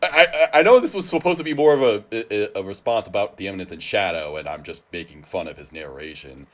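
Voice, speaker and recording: A man's voice: lowish voice, animated, quick pace. A man reacting to a video with casual, sarcastic, exasperated commentary. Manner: exasperated, sarcastic, mumbles trailing asides. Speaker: reaction channel host.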